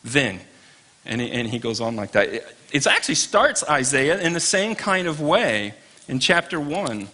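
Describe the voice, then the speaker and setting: A man's voice: a little high, sing-song, normal speed, bright, forceful tone. A man teaching an informal Bible class, chatty and wry, tossing asides to his listeners.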